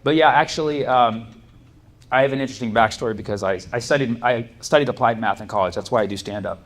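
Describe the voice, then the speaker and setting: On a comedy club stage, a stand-up comedian with a mid-range voice talks fast, rambling through his stories with plenty of fillers and false starts. The live recording carries a steady hum of background noise from the audience.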